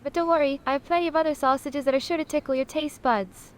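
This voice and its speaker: This is a high-pitched woman's text-to-speech voice with fairly even intonation, a quick pace, and a natural sound. It plays a sassy, self-important AI chatbot that calls itself a sausage, and it is haughty, dramatic, and condescending, calling people honey a lot.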